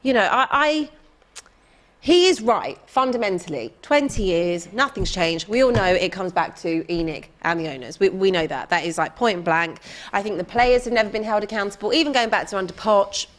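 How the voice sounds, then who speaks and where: A woman talks football on a chat show, making firm, assertive points as she debates with her co-hosts. Her voice sits at an ordinary middle pitch. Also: normal speed. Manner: firm, argumentative. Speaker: football pundit, Tottenham fan.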